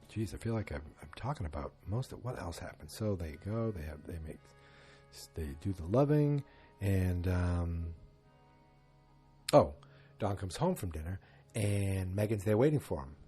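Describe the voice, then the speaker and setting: A man's voice: deep voice, expressive, moderate pace, dark tone, breathy edge, faint music behind. A man hosting a casual solo podcast, retelling scenes and acting out the quotes with sarcastic asides. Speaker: podcast host.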